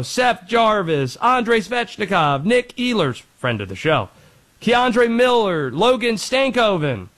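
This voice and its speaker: Sports talk host, high, animated voice, emphatic and playful delivery. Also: male voice. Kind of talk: scripted sports commentary.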